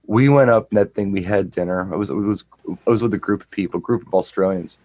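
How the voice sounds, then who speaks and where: A middle-aged man with a low voice, chatting on a show. He rambles through an anecdote and trips over repeated words. The sound is close and dry. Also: fast, a little mellow, no room sound, highs cut off. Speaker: co-host and DJ. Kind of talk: casual chat, storytelling.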